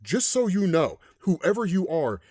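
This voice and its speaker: A man's voice: high-pitched, very animated, a little slow, a little mellow, breathy edge, heavily acted. A man reading the lines of a menacing male comic-book villain, voicing cold, matter-of-fact threats. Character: menacing male villain hunting a family line.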